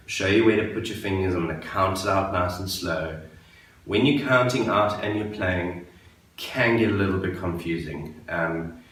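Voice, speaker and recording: A man giving a relaxed guitar lesson for beginners, patiently explaining and counting beats aloud. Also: deep voice. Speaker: guitar teacher. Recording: very echoey room, mic at a distance, guitar playing. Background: guitar playing.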